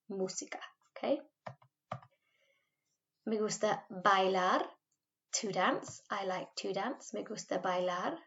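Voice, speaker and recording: A woman's voice: mid-range voice, a bit bright, lo-fi sound. Patient Welsh woman teaching Spanish. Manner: patient, modelling words slowly for repetition. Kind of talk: recorded remote language lesson.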